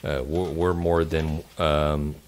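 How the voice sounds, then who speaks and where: A man's voice: extremely low pitch, flat delivery, takes it slowly, a little hiss or hum. A man co-hosting a barbecue podcast, chatting casually, rambling and correcting himself as he goes. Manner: rambling, self-correcting, swears while laughing. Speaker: podcast co-host. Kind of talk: casual chat.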